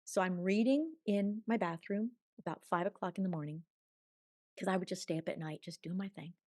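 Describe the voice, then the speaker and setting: A woman guest telling a personal spiritual story in long, tumbling sentences, swinging from hushed murmurs to bright exclamations. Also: on the low side, brisk, no echo, studio quality. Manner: chatty, tumbling run-on sentences. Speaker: podcast guest.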